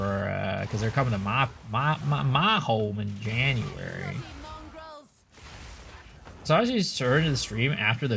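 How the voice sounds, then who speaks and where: A man's voice: mid-range voice, vocal fry, a bit bright, slight background noise. Rambling American streamer guy. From United States. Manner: rambling, restarts, reads and answers chat. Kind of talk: casual stream chat.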